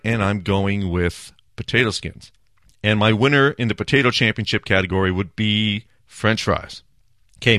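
A man's voice: fairly low pitch, fairly bright tone, no echo, studio quality. A man hosting a casual solo talk segment, chatty and decisive as he runs through his picks. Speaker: host. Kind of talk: casual solo talk, playing a food bracket.

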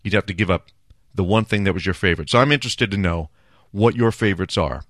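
Host: man, low voice, dry close sound, chatty and decisive. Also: fast talker, a bit bright, no room sound. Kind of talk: casual solo talk, playing a food bracket.

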